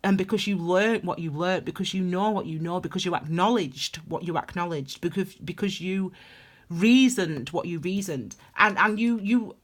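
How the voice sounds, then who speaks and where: A woman's voice: fairly low pitch, moderate pace. A woman giving a casual tarot reading, rambling and emphatic with lots of restarts. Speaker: tarot reader.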